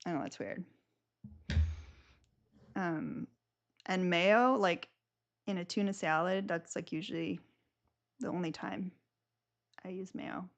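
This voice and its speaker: A woman's voice: fairly low pitch, slow, pauses often, dull audio. A young woman hosting a live stream, chatting casually and rambling with lots of filler words.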